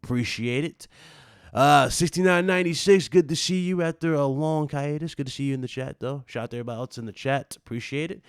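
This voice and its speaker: A man hosting a gaming stream, chatting casually and giving laid-back shout-outs. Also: fairly high pitch, fast talker, clear, resonant tone, no room sound, clean studio sound. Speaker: stream host.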